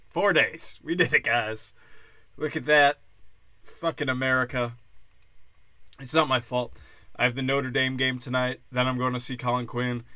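A young man from Wisconsin hosting a comedy podcast, delivering a crude, mocking rant with big swings in loudness. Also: mid-range voice, no room sound. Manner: brash, crude, mocking, loud swings in volume. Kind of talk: profane ranting monologue.

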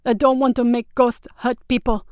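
A woman reads the part of a simple-minded young man who whines and pleads as if he were a small child. His voice sits high and carries too loud. The sound is clean and close with no room around it. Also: flat delivery, normal speed, clear, resonant tone, no room sound, lightly acted. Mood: pleading. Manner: pleading, whiny. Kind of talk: audiobook character voice.

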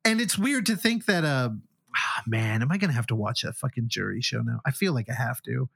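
This podcast co-host has a gravelly, husky, mid-range voice and talks a little fast. Chatting casually, he tells long, rambling, animated stories full of acted-out quoted reactions, in clean studio sound with no room sound.

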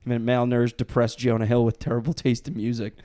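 A man's voice: mid-range voice, monotone, quick pace, warm tone. A man co-hosting a casual comedy podcast, telling crude stories and quoting relatives with laughs. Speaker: podcast co-host.

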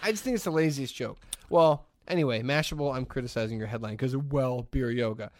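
A man's voice: mid-range voice, fast, a little hiss or hum. A man co-hosting a podcast, chatting casually and sarcastically while mocking lazy jokes and reading headlines aloud. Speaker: podcast co-host. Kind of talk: casual comedic banter.

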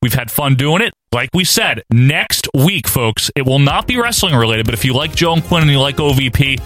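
A man's voice: medium pitch, sing-song, normal speed, a bit bright, dry recording, soft background music. A man hosting a podcast, talking in an easygoing, joking way and laughing often. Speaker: podcast host. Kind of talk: casual podcast chat.

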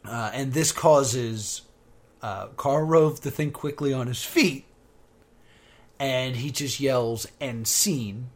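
Guy podcasting about a tv show, slow drawl, gets loud acting out scenes. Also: mid-range voice. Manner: animated retelling, bursts into loud quoted exclamations. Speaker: podcast co-host. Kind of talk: casual chat recapping a TV show.

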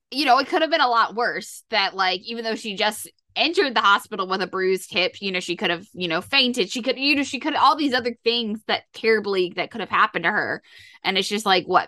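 A woman's voice: medium pitch, bright, forceful tone, no room sound. A woman co-hosting a podcast, talking conversationally and repeating herself for emphasis. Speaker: podcast co-host. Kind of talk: casual chat.

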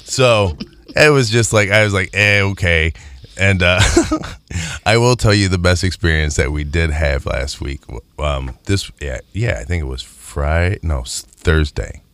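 Deep-voiced man joking around. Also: measured pace, no room sound. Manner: joking, deadpan asides. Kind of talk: casual chat.

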